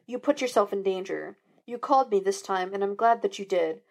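A woman doing a gruff police detective. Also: lively intonation, brisk. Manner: gruff, lower and quieter. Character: gruff middle-aged male police detective.

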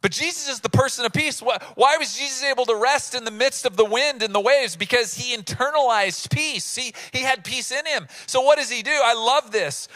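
A man preaching a sermon in a lively, casual way, acting out bits of the story in voices. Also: very high voice, a little fast, few pauses. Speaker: pastor.

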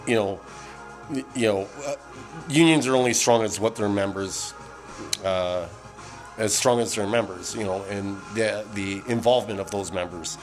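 A middle-aged man from Canada hosting a podcast, ranting casually with lots of swearing, fillers and restarts, a bit tipsy from beer. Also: on the low side. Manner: profane, rambling, many fillers and restarts. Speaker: podcast host.

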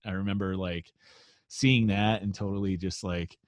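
A man's voice: deep voice, fairly even intonation, moderate pace, dry recording. A man, a touring musician, telling a long rambling story in casual chat, laid-back and full of fillers and swearing. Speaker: musician guest.

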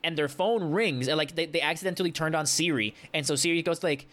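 A young man co-hosting a casual podcast, telling a rambling, animated story full of restarts and swearing. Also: on the high side, quick pace. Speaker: podcast co-host.

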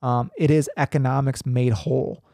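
A young man reading a text aloud in a halting way, full of ums and restarts, with casual asides. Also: mid-range voice, steady tone, dark tone, no room sound, clean studio sound. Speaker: podcaster reading and commenting.

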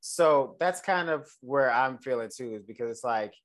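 A man co-hosting a casual TV recap chat, loose and profane, telling the story in an animated way. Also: mid-range voice, normal speed. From United States. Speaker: podcast co-host.

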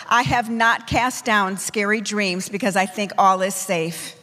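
A woman apostle preaching a forceful, declamatory sermon to her church, driving home her points in emphatic lists. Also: medium pitch, a little slow, long reverb tail.

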